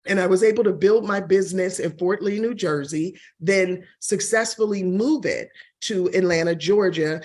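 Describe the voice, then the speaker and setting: A woman in her forties, a real estate broker and TV host, telling her career story in an interview, expressive and quick to laugh. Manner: expressive, laughs often, shifts pitch when quoting others. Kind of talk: interview answer, personal story.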